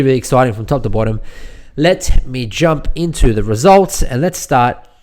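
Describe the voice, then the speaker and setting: A man's voice: mid-range voice, a little mellow. An Australian man hosting a podcast on his own, talking in a casual, rambling and jokey way with lots of fillers and restarts. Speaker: podcast host. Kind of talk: casual solo podcast recap.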